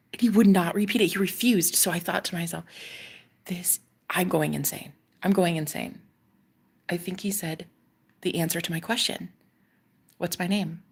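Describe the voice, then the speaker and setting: A woman vlogger casually telling a personal story to her viewers, animated and swearing, often dropping into a whisper. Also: lowish voice, moderate pace, breathy edge.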